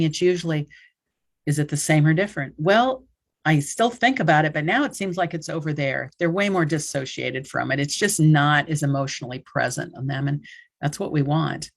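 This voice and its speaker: A woman in her sixties, a hypnotherapist, teaching a technique over a video call in a chatty way and acting out what her clients say. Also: low voice. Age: 60s. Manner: chatty, acts out client quotes with gestures. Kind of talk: conversational online workshop teaching.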